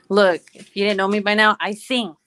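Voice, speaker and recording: A woman's voice: mid-range voice, bright, forceful tone. A woman in her thirties, a mom at home in Hawaii, chatting casually, laughing often and humming little tunes. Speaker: vlogger. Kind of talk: casual chat while working.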